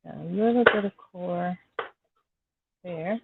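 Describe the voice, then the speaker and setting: A woman's voice: fairly low pitch, slow pace, vocal fry, very noisy. Chatty woman cooking on a tinny live stream. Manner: chatty, talks to viewers by name, apologetic. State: clearing a scratchy throat. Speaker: home cook hosting a live cooking stream. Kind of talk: casual live-stream chat while cooking. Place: home kitchen. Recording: dry, tinny phone-like sound.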